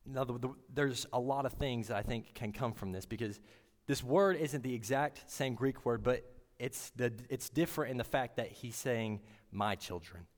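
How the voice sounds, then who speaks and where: A man giving a sermon in an earnest, halting way, often restarting his words. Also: medium pitch, big-room sound. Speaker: preacher.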